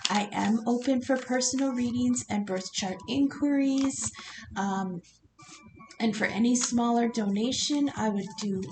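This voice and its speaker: A woman's voice: on the high side, noisy background. A woman giving a casual tarot reading on her own channel, talking in a rambling, conversational way and swearing now and then. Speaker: tarot reader.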